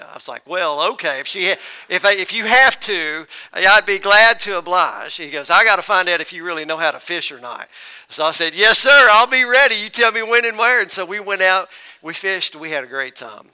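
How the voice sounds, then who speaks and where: Bright, high-voiced preacher. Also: male voice, smooth. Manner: folksy, addresses congregation as folks and y'all. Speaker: pastor. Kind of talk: storytelling sermon. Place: church.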